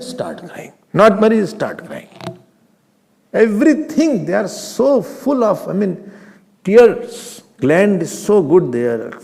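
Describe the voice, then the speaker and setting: A man, a swami, giving a humorous, animated Vedanta class, mixing Hindi into his English and chanting Sanskrit verses. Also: on the high side, gravelly. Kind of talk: scripture class lecture. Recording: reverberant hall.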